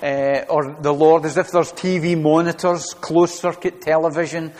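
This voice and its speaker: A man's voice: fairly high pitch, flat delivery, normal speed, darkish tone, long reverb tail. A man preaching a sermon to his congregation, earnest and repeating his phrases as he goes. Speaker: pastor.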